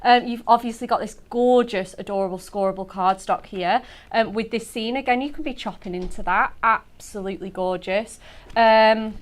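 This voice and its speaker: This woman, presenting on craft television, chats effusively about the products on show, gasping and exclaiming "so cute" in bubbly fashion. She talks at a moderate pace in a slightly high voice.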